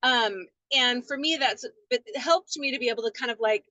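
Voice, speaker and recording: A woman's voice: a little high, moderate pace, sharp tone, no room sound, poor audio. A woman sharing an earnest, rambling personal story on a call, speaking through her car's hands-free system. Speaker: team member sharing on a call. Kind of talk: casual testimony sharing. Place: car. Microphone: call audio through car hands-free system.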